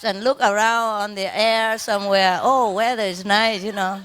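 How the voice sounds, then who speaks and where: A woman's voice: mid-range voice, a little slow, long pauses, a bit bright. A woman telling a story to an audience. She laughs often, repeats her words and stops to imitate sounds.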